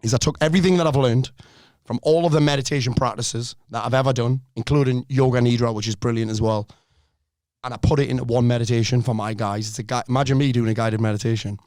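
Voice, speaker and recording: A middle-aged man, a life coach on a podcast, talking in a blunt, energetic way and swearing freely. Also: medium pitch, quick pace, no room sound, clean studio sound. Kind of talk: casual podcast conversation.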